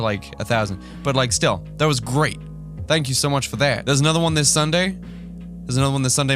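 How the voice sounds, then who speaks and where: A man hosting a reaction vlog, ranting animatedly and swearing. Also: medium pitch. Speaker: YouTuber.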